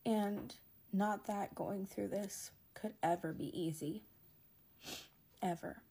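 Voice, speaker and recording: A young woman telling a personal story in a soft, often near-whispered and emotional voice. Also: medium pitch, slow, breathy edge.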